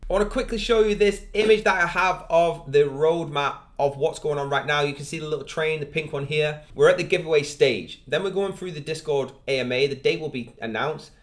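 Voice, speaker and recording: A man's voice: a little high, fairly quick, few pauses. A man hosting a crypto channel, walking viewers through a project review on screen in an upbeat, hyping way and speaking straight to them. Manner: upbeat hype, addresses viewers directly.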